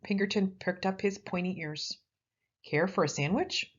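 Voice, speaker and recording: A woman reading a children's picture book aloud in a lively, expressive way. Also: medium pitch, moderate pace, breathy edge. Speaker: storyteller. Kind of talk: children's story read-aloud. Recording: slightly dull lo-fi audio.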